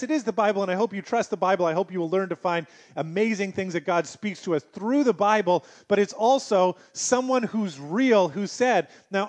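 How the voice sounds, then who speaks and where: A man preaching a sermon as pastor, moving between loud, emphatic urging and quiet, low asides.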